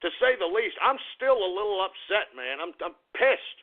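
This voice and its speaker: A radio host rants on air, his voice high-pitched and rough with gravel as he swears and repeats himself. The sound is thin and tinny, like a phone line. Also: moderate pace. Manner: agitated, profane, repetitive rant. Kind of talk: ranting talk radio monologue.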